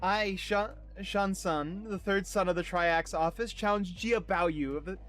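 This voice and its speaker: High-pitched guy streaming a game, laughs a lot, chatty, faint music behind. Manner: chatty, laughs often, reads dialogue aloud fast and loud. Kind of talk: casual game-stream chat.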